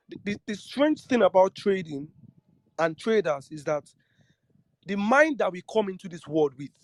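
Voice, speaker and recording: In a dry recording, a man with a slightly high voice delivers an earnest, lecture-style talk on trading psychology to his trading students. As their teacher, he frequently circles back over the same points and asks the audience questions.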